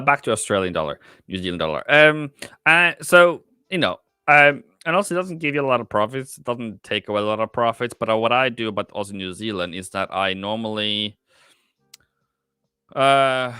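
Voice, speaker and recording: A man's voice: lowish voice, pushed and bright, clear, resonant tone, no echo, clean studio sound. A man hosting a live trading stream, thinking aloud with many fillers and answering the chat in casual commentary. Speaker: livestream forex trader and host.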